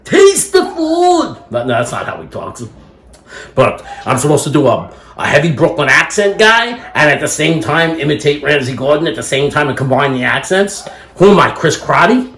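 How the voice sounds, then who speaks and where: A man's voice: on the high side, animated, moderate pace, creaky, fairly bright tone. A man chatting casually in a rambling, self-amused way while cooking at home. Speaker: home cook vlogger. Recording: echoey room.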